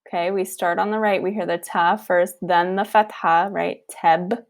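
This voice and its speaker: A woman teaching a recorded online lesson, patient and repetitive, sounding out words slowly and checking in with "okay". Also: lowish voice, fairly even intonation, vocal fry. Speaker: Arabic teacher.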